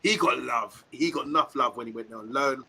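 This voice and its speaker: Bright-voiced co-host. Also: male voice, mid-range voice, normal speed, creaky, breathy edge, rough recording. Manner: animated, laughing, tag questions. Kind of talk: casual live stream chat.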